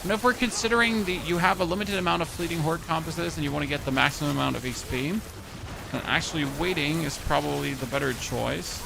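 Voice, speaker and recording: A man's voice: fairly high pitch, quick pace, gravelly, background noise. A man in his thirties with a German accent, chatting casually and joking with his chat while streaming a game. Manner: chatty, jokey, answers chat. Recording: music playing behind.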